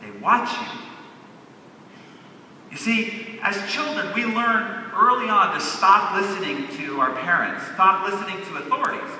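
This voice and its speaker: A man's voice: high voice, unhurried, pushed and bright, a little hiss or hum. A man giving a motivational convention keynote, stressing key words by drawing them out. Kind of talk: motivational stage speech. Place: large convention hall. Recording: echoey hall, heard from a distance.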